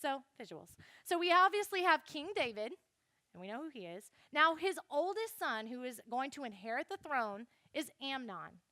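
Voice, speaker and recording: Bright high-voiced woman telling a story. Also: moderate pace, dry recording, clean studio sound. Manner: chatty, animated, addresses the audience directly. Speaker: youth speaker. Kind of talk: storytelling Bible lesson.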